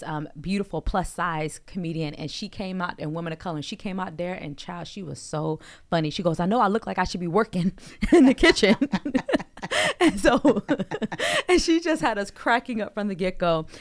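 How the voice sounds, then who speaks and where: A woman hosting a comedy podcast, telling stories in an enthusiastic, chatty way. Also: deep voice. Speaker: podcast host. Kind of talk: casual chat.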